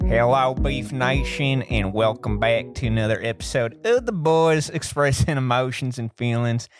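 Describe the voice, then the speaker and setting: A man's voice: medium pitch, normal speed, over music. A young man hosting a podcast, chatting and joking with friends, laughing often. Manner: laughs often, banters, slips into joke drawl. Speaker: podcast host. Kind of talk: joking casual chat.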